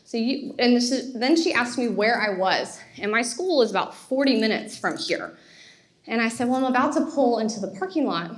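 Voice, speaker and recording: A woman, giving a motivational talk and telling her story in an animated way with laughter. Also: a little high, moderate pace. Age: 30s. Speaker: speaker.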